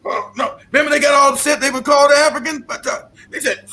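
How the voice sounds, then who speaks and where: A man's voice: very high voice, steady tone, quick pace, bright, forceful tone, poor audio. A man hosting a podcast, talking in a casual, profane and mocking rant and laughing often. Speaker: podcast host.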